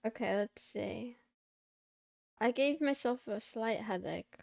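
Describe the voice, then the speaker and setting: Slow, gravelly-voiced woman streamer. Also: a little high, animated, a little mellow, no room sound, studio quality. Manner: mutters to herself, playful meows and silly sounds. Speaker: VTuber streamer. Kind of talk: casual livestream chatter while studying.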